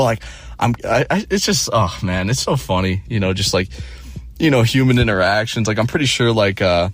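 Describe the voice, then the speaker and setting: A man's voice: on the low side, quick pace, dry recording. A man in his twenties telling a story casually, rambling and profane with many restarts. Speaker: streamer.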